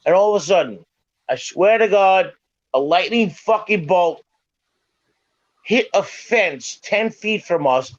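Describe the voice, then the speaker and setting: A middle-aged man tells a story in a loose, profane style, hammering home that every word is true. His voice sits a little high for a man. The sound is dry and a bit dull, like a lo-fi recording. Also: expressive, takes it slowly, pauses often, no echo. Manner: profane, emphatic, keeps swearing it is true. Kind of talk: casual storytelling chat.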